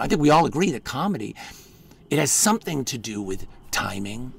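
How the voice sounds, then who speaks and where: A man performing a live one-man storytelling show, halting and full of restarts, often dropping into hushed murmurs. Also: mid-range voice, gravelly, slight background noise.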